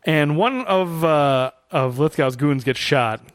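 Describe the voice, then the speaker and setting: A man co-hosting a casual movie review podcast, animated and quick to act out quotes in silly voices. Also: on the high side, no echo, clean studio sound. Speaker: podcast co-host.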